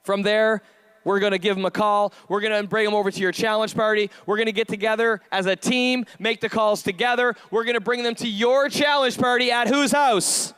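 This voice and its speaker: A man giving a high-energy stage pep talk, rallying the crowd with call-and-response questions and shouted bursts of hype. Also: steady tone, brisk, smooth, dry recording. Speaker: motivational event speaker.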